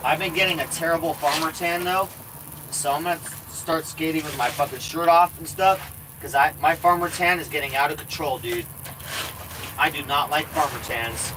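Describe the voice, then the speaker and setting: A man's voice: on the high side, fairly even intonation, normal speed, background noise. A man live-streaming from inside an RV, rambling in casual chat, swearing a lot and repeating himself.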